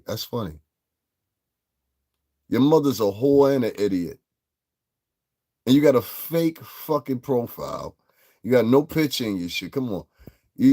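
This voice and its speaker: Hosting a livestream, a man launches into a heated, profane rant aimed at his chat, brash and combative but breaking into laughs. His voice is lowish with a dark tone.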